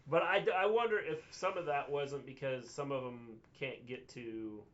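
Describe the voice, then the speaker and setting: A man co-hosting a livestream recap, speaking haltingly with many fillers and reading out viewer comments. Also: mid-range voice, highs cut off. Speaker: wrestling show co-host. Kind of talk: casual livestream recap chat.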